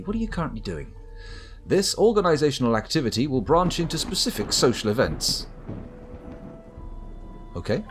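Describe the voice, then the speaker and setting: Wry low-voiced man streaming a game. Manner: wry, rambling, talks to chat. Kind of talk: live game commentary. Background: faint background music.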